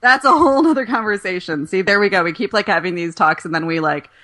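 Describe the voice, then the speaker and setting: A woman's voice: medium pitch, quick pace, sharp tone. A woman in her forties, a relationship coach guesting on a podcast, talking bluntly and emphatically. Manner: blunt, emphatic, swears freely. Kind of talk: casual podcast chat.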